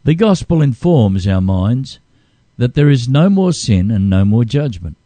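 Earnest man reading aloud, mellow voice. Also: medium pitch, big pitch swings, a little slow, no room sound. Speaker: co-host.

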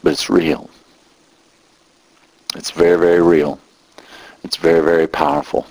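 A man's voice: flat delivery, measured pace, darkish tone, poor audio. A middle-aged man preaching a sermon as a minister, talking with growing passion. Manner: impassioned, rising in pitch when emotional.

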